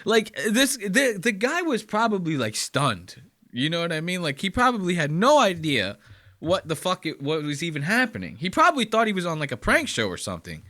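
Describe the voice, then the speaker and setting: Podcast guy ranting at clips, swears a lot, bouncy pitch, bright edgy voice. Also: wildly swooping pitch, brisk. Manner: ranting, profane, incredulous. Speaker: podcast host. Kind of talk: reaction commentary on clips.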